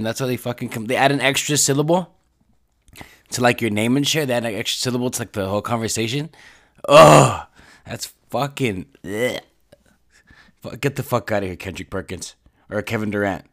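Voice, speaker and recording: A man's voice: medium pitch, brisk, a bit bright. Profane rambling male podcast host. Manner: profane, rambling, heavy filler words. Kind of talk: casual podcast rant.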